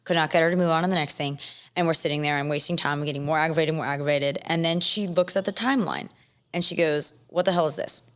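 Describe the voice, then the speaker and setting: Low-voiced woman telling a story casually. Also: fast talker, smooth. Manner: chatty, heavy use of "like" fillers, restarts mid-sentence. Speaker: podcast guest telling her wedding story.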